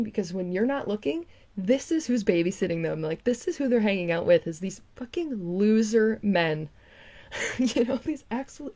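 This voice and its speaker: A woman's voice: lowish voice, dark tone. A young woman giving casual, mocking commentary on online videos. She swears freely and laughs often.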